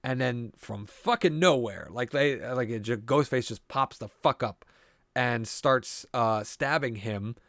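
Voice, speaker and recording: A man's voice: medium pitch, unhurried, fairly bright tone, no room sound, clean studio sound. A man co-hosting a podcast, casually recapping a movie scene by scene with a lot of swearing and rambling. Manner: profane, rambling storyteller. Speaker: podcast co-host.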